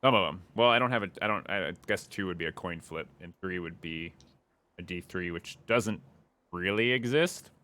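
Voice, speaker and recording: A man's voice: sits low, moderate pace, bright, forceful tone. A young man giving playful live commentary as he plays a game, humming along and taunting enemies. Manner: playful, taunts enemies and hums while playing. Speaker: streamer.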